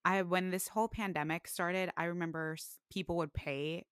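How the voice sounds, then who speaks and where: A young woman in her twenties telling a casual story on a podcast. She fills her talk with "like" and grows animated when she quotes others. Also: on the low side, moderate pace, smooth, dry recording, studio quality. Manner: chatty, full of "like", animated when quoting others.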